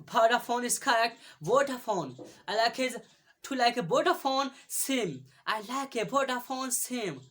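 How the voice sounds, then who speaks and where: A woman teaching English pronunciation in a casual video lesson, halting, repeating each word many times, with frequent fillers. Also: a little high, animated.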